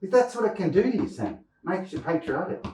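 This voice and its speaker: A man co-hosting a podcast, telling a chatty, animated story. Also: high-pitched, brisk. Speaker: podcast co-host. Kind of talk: casual chat, storytelling. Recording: dull, echoey, distant audio.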